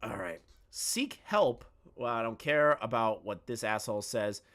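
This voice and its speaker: A man's voice: mid-range voice, animated, measured pace, fairly bright tone. A man giving profane, mocking reaction commentary on streamer drama, ranting heatedly at the people he covers. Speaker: commentary YouTuber.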